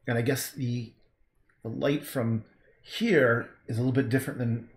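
Brief: Canadian painter on a livestream, loose and rambling, casual swearing, roomy echo. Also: male voice, medium pitch, fairly even intonation, normal speed. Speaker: painter streaming his work. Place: art studio. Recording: echoey room.

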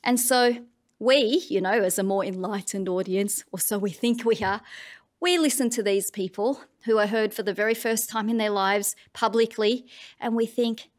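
A woman's voice: a little high, normal speed. A woman with an Australian accent, giving an annual address on writing in a wry, conversational and pointed way. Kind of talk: public address.

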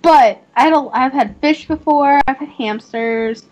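A young woman hosting a livestream, chatting casually while gaming, giggly and quick to apologize. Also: sits high, darkish tone, rough recording. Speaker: livestream host.

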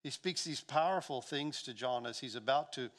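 A man's voice: medium pitch, normal speed, a bit bright. A male pastor preaching a sermon, building with passion and stumbling over repeated words as he speaks.

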